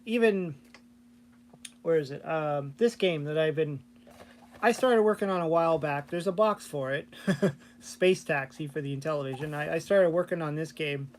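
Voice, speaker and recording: A man chatting casually on his channel about programming old console games, rambling with lots of fillers and restarts. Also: on the high side. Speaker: vlogger and hobby game programmer. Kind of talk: casual chat.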